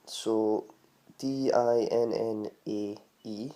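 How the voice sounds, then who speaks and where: A man's voice: lowish voice, fairly even intonation, drawn-out words, warm tone. A man with a Scottish accent, chatting casually as he explains how to say local words and spells them out letter by letter. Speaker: vlogger teaching Scottish words.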